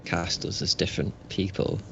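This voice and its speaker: Brief: very low, monotone male co-host with vocal fry, hesitant delivery. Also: normal speed, highs cut off, slight background noise. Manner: hesitant, self-interrupting. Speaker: podcast co-host. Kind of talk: casual chat.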